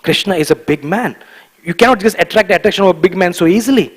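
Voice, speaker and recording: Man, high-pitched voice, emphatic devotional lecture, repeats words for stress, long reverb of a temple hall. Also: fast talker. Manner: emphatic, animated, repeats key words for stress, chuckles often. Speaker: guest speaker giving a temple class.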